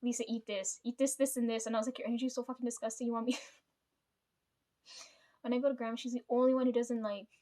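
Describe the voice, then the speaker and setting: A woman tells a rambling family story to her camera as a vlogger, swearing often, making chatty asides and laughing between thoughts. Her mellow voice is a little high with little pitch movement, and she talks fast but leaves long pauses.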